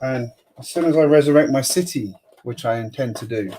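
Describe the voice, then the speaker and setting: A man's voice: medium pitch, brisk, background noise. Chatty man live-streaming. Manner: chatty, greets chat viewers, mutters while sorting bricks. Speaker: host of a building live stream. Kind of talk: casual live-stream chat.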